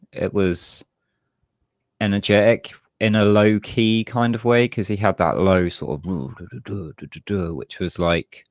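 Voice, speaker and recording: A man co-hosting a music review show, giving a hesitant, measured opinion of a track with many pauses. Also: low voice, no echo, studio quality. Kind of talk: casual chat, reviewing a track.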